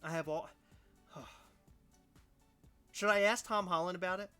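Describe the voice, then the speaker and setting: A man's voice: high-pitched, fairly even intonation, unhurried, pushed and bright, smooth, faint music behind. A man co-hosting a casual livestream podcast, joking around in a goofy, over-the-top way. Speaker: podcast co-host.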